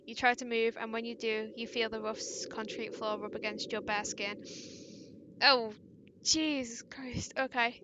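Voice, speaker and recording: A woman reading a visual-novel fangame aloud, stumbling over lines and breaking off into awkward asides, with steady background noise. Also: fairly high pitch. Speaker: game player.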